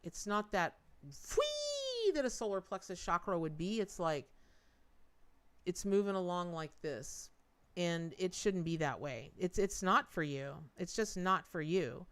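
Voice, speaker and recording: A woman's voice: lowish voice, big pitch swings, unhurried, a bit bright. A woman giving a tarot reading on a live stream, chatty, repeating words for emphasis and talking straight to her viewers. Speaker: tarot reader.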